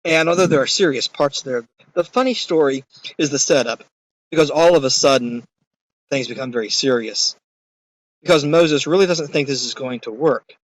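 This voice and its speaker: A man's voice: medium pitch, normal speed, dry recording, rough recording. A man giving a recorded course lecture in a conversational, emphatic way, with occasional fillers.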